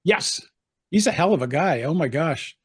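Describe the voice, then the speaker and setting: A man's voice: fairly high pitch, expressive, normal speed, slightly rough. An older man, an actor, telling anecdotes in a chatty interview, laughing often and acting out the voices he quotes. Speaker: actor guest.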